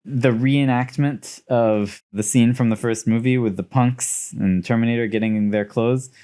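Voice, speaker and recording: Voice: medium pitch, fairly even intonation, a little slow, dark tone. A podcast co-host in casual film chat, exasperated and firing off rhetorical questions.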